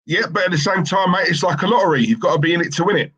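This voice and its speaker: A man's voice: high-pitched, racing, fairly bright tone, slightly rough, rough recording. A man co-hosting a live football watchalong stream, chatting casually and reading out viewer comments in a rambling, opinionated way with lots of fillers and restarts.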